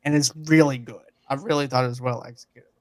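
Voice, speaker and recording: A man hosting a casual movie review chat, recapping the plot in a lively way and quoting the characters. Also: medium pitch, fast talker, no echo. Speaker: podcast host.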